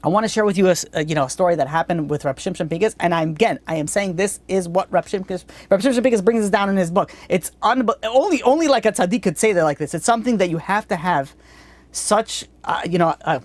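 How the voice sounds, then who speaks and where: A woman's voice: on the low side, expressive, fast talker, darkish tone. A woman giving a religious lesson in a blunt, conversational way, with frequent restarts. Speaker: Torah teacher.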